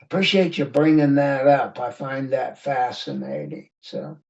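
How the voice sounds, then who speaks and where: A man's voice: mid-range voice, measured pace, gravelly, a little mellow. An older man who is a guest on a recovery podcast, speaking in a thoughtful, musing and self-deprecating way over a remote call. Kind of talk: reflective recovery talk. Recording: distant, muffled remote audio.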